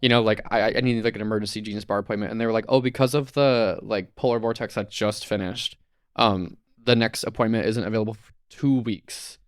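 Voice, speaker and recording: Smooth-voiced young man telling a rambling story. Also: lowish voice, fairly even intonation, a little fast, no room sound, clean studio sound. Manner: rambling storyteller, heavy use of "like", swears freely. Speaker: podcast co-host. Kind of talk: casual chat.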